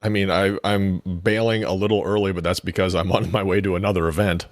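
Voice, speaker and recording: A man's voice: deep voice, little pitch movement, fast talker, dry recording. A man co-hosting a money radio show, teasing his partner with dry sarcasm. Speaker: radio co-host. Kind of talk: casual banter.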